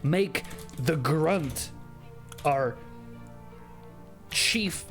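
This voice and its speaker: Laughing, swearing gamer reading aloud slowly. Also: male voice, fairly high pitch, animated, soft background music. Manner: quieter, softer delivery later on. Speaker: gamer playing an AI role-play game. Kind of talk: casual let's play commentary.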